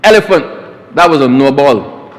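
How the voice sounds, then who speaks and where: A man's voice: mid-range voice, animated, moderate pace, lightly acted. Bossy calypso parrot umpire, as a Barbadian man quotes him. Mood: declaiming. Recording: long reverb of a parliament chamber.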